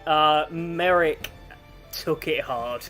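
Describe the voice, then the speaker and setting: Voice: medium pitch, drawn-out words, a bit bright, soft background music. A game master narrating a tabletop role-playing game over a voice call, describing scenes loosely and laughing often.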